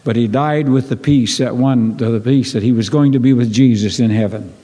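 A man preaching a sermon to his congregation, earnest and repetitive, often clearing his throat. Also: mid-range voice, moderate pace, mellow. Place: church sanctuary. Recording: long reverb of a church hall.

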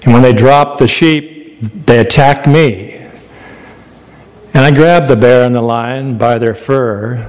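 A preacher voicing a young shepherd, bold and faithful, in an earnest plain voice. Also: male voice, mid-range voice, steady tone, slow, big-room sound, lightly acted, low-quality recording.

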